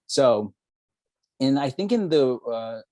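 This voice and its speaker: Man, 30s, from New Mexico, podcast guest, reflective, earnest, mid pitch, dry sound. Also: animated, slow pace, darkish tone, no echo. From New Mexico, United States. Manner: reflective and earnest, with frequent restarts. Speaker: podcast guest, law student. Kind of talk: candid personal storytelling.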